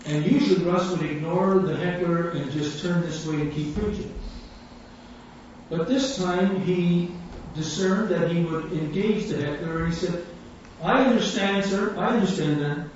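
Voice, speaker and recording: A man's voice: fairly high pitch, steady tone, unhurried, a little mellow. A man preaching a sermon, telling a story with animation and acting out the voices of the people in it. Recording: echoey hall, distant mic, dull sound, faint room hum.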